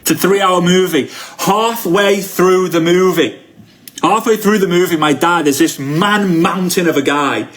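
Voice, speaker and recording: A man in his thirties gives a live-streamed sales training talk as a motivational speaker, telling energetic stories and acting out the quotes. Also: high-pitched, unhurried. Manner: energetic storyteller who acts out quotes.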